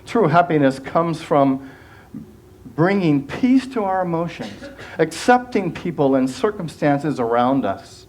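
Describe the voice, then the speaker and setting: A man's voice: a little high, big pitch swings, unhurried, a little mellow, a little hiss or hum. A man giving a sermon as minister, earnest and conversational, often restarting phrases and acting out quoted voices.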